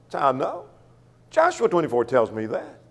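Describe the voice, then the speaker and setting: A man's voice: a little high, wildly swooping pitch, moderate pace, husky, in a large hall. A man preaching a sermon, firing questions at the congregation and acting out the excuses people make. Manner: questioning, emphatic, acts out quoted excuses.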